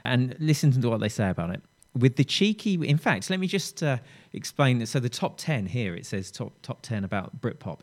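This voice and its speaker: A man's voice: on the low side, expressive, a little fast. A middle-aged man presenting a music radio show in a chatty, rambling way, often breaking off mid-thought. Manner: chatty, rambling, self-interrupting. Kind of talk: casual radio chat.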